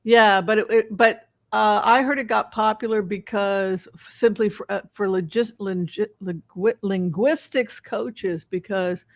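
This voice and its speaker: A man co-hosting a casual political chat, animated and quick to slip into impressions. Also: high-pitched, dry recording, studio quality. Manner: animated, does impressions, restarts often. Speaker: co-host.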